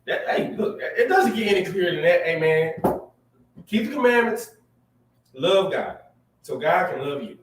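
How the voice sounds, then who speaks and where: Male co-preacher, high voice, energetic and exclamatory, mic distant in a roomy space. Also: unhurried, pauses often, background noise. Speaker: co-host reading scripture. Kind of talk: sermon, scripture reading and exhortation. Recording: echoey room, mic at a distance.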